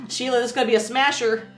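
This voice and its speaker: Folksy woman cooking in an echoey kitchen. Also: on the high side. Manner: folksy, chatty, laughs often. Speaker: cooking show host. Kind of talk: casual cooking demonstration.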